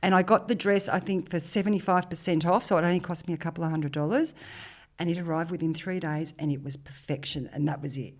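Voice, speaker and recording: Lively Australian woman storyteller. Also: on the low side, fast. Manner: lively, animated storyteller, swears freely. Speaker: podcast guest. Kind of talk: casual chat.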